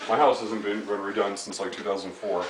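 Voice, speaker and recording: A man's voice: fairly low pitch, steady tone, a little fast. A young man chatting casually with a friend in a vlog, rambling and offhand, often a bit off the camera mic. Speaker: vlogger's friend. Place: outdoors in woods, then indoors at home. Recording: clear background noise, camcorder audio.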